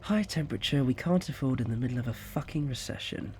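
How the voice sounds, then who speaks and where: A man voicing a resentful, bitter adult son who mutters low and sarcastic. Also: moderate pace, creaky, slight background noise, close to an everyday voice. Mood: muttering.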